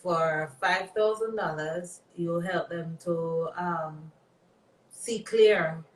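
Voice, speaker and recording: A woman's voice: on the low side, drawn-out words. A woman with a Jamaican accent, hosting a livestream and chatting in an encouraging, reflective way. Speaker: livestream host. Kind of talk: casual chat on a livestream. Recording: echoey, distant mic with faint noise.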